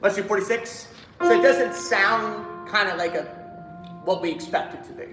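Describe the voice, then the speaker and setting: High-voiced man directing a choir. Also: moderate pace, roomy sound, loud music behind the voice, poor audio. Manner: coaching, counts in and sings short demonstrations. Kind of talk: choir rehearsal instruction. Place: rehearsal room.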